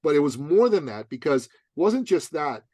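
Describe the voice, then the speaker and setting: With a dark, sing-song voice at a moderate pace, a man tells a lively story as a podcast guest. There's no room sound and the highs are cut off; he speaks emphatically in slang and voices both sides of the conversation in high tones.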